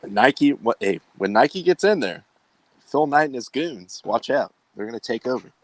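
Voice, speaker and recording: Guy hosting sports talk, rambles w lots of uhs, dry mic, middle pitch. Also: lively intonation, moderate pace, no room sound. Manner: rambling, filler-heavy delivery. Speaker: sports talk show host. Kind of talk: casual sports chat.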